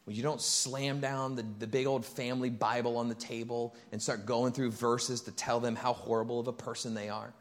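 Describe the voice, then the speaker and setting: A man pastor preaching a sermon in a church, conversational and animated, acting out bits of dialogue and getting loud and high when excited. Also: moderate pace, hardly any pauses. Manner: conversational, acts out quoted dialogue.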